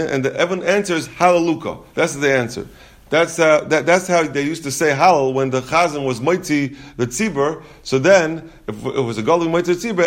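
A man teaching a Talmud lesson, explaining the text step by step. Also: fairly high pitch. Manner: explains step by step, mixing Yeshivish terms into English.

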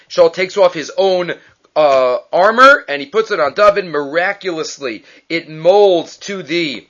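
A man teaching a class, telling a story in an animated way, quick and full of restarts and self-corrections. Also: a little high. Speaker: Torah teacher. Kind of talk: lively storytelling lecture. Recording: dull lo-fi recording.

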